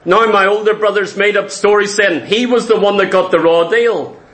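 A man with a very high voice delivers a sermon built on emphatic repetition, tossing out rhetorical questions and occasionally clearing his throat. His intonation stays fairly even, he talks at a normal speed, and his tone is a bit bright.

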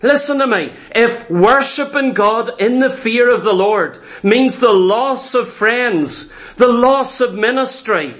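High-voiced man preaching emphatically. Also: lively intonation, takes it slowly, few pauses, fairly bright tone. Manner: emphatic, repetitive preaching with acted-out asides. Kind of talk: sermon.

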